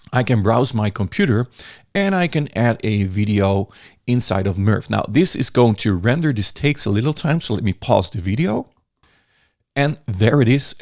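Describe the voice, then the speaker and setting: A man's voice: medium pitch, dry recording. Guy explaining an app, mid voice, dry close desk mic, chatty. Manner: relaxed, chatty, restarts words. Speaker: software reviewer. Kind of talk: casual screen-recorded tutorial.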